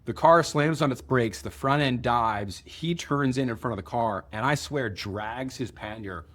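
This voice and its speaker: A man co-hosting a podcast, telling stories quickly and vividly with some laughter. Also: mid-range voice, a bit bright. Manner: fast, vivid storytelling with laughs. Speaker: podcast co-host. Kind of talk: casual chat.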